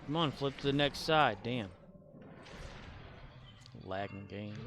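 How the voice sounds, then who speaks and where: A man's voice: medium pitch, animated, takes it slowly. Rambling male streamer humming along. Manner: rambling, mutters and hums along while playing. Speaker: livestreamer. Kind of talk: casual gaming stream chat. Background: music playing.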